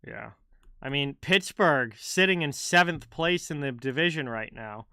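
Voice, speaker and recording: A man hosts a live hockey chat stream, talking casually and answering his viewers by name. His voice is bright and crisp, a touch higher than most men's. It is recorded close on a dry mic with no room sound. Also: expressive, measured pace, no room sound. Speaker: livestream hockey host.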